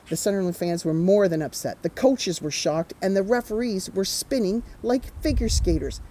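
Warm-toned storytime reader, woman, animated with chatty asides. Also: mid-range voice, normal speed, hardly any pauses, rough recording. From Canada. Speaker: author reading her picture book. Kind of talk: children's storytime read-aloud.

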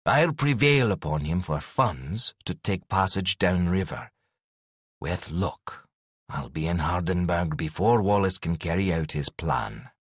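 Narrator doing a proud impatient duke, formal and clipped, lively low voice. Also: male voice, husky, dry recording, clean studio sound, heavily acted. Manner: measured, formal.

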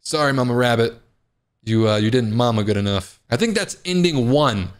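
A man's voice: medium pitch, expressive, normal speed, clear, resonant tone. A man playing a horror game, joking and reacting with panicky outbursts in casual commentary. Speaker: gaming video host. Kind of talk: casual let's play commentary.

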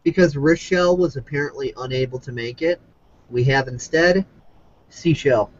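A man hosting a casual podcast chat, teasing and quick with jokes. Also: medium pitch. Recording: muffled lo-fi call audio.

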